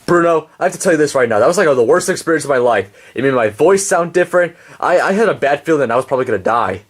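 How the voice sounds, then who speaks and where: A man's voice: fairly high pitch, expressive, quick pace. A man voicing a rude, boastful cartoon boy in a homemade puppet show, whiny and bratty.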